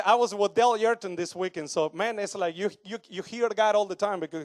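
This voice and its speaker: A man in his thirties from Argentina, preaching a sermon with an Argentine Spanish accent in broken English, animated and joking with the congregation. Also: sits high, a little fast, few pauses, no echo, studio quality. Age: 30s. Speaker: pastor.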